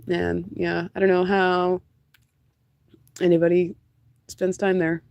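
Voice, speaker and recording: A woman's voice: lowish voice, completely flat delivery, vocal fry, a little mellow, lo-fi sound. Rambling, joking young woman streamer. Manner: rambling, joking, quick to laugh. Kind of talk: casual chat while crafting on a livestream. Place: at home, moving furniture.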